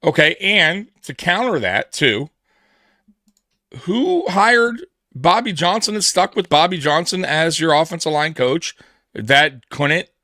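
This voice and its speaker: Dude co-hosting a sports show, fired up, bright tense voice, dry close sound. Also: male voice, a little high, lively intonation, slow pace, no echo. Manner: emphatic, repeats himself, acts out quoted dialogue. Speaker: podcast co-host. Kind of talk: casual sports talk. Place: live pregame stream.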